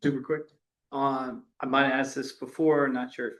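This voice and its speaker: A man's voice: mid-range voice, little pitch movement, moderate pace, a bit bright. A man on a school board asking a hesitant, tentative question at a public meeting.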